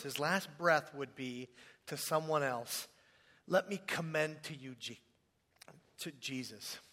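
A man speaking casually and haltingly in a tribute, his voice trailing off softly. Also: medium pitch. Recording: long hall reverb.

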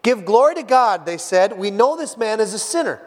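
A man preaching a sermon, retelling scripture in a lively storytelling way, acting out the voices and often restarting his phrases. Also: high voice, normal speed. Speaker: pastor. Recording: echoey hall with long reverb.

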